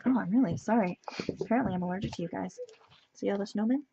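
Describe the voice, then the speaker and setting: A woman's voice: mid-range voice, quick pace, creaky. A woman casually showing off her journal pages at home, rambling and thinking aloud as she flips through them, a bit tired and sneezy. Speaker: journaling vlogger. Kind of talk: casual show-and-tell chat. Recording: dull lo-fi sound with steady background noise.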